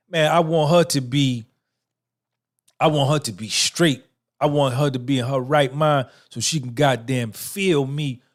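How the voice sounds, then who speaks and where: Swaggering, profane man in his fifties. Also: a little high. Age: 50s. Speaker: podcast host. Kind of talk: boastful casual livestream talk, answering chat.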